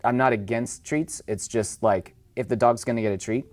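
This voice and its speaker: A man's voice: mid-range voice, fairly even intonation, normal speed. A man speaking as a dog trainer guest in a casual podcast conversation, chatty, acting out owners and dogs in raised voices.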